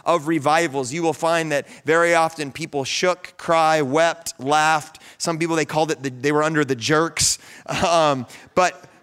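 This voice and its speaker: A pastor in his thirties preaches, carrying his stories through to fervent high points. His voice sits a little above the usual male range and sounds smooth and resonant. He talks in a casual way, full of fillers and restarts. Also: unhurried. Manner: storytelling, animated, rising to fervent peaks. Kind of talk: sermon.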